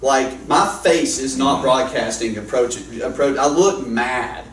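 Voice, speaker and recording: A man's voice: medium pitch, unhurried, slight background noise. A man, a guest worship leader telling funny stories in a casual, rambling, self-deprecating way before an audience. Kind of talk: casual storytelling talk. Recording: roomy echo, distant mic, faint ambience.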